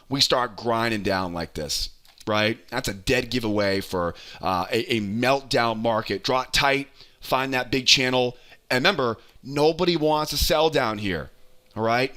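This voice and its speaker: Bright-voiced man coaching trades. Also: mid-range voice, a little slow. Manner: energetic, punctuates points with a questioning "right?"; repeats phrases for emphasis. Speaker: trading educator. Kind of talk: live chart walkthrough lesson.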